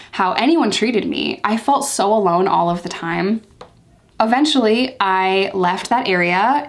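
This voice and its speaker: A young woman in a casual story-time vlog, talking candidly and emphatically and repeating herself for emphasis. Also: mid-range voice. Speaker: vlogger telling her life story.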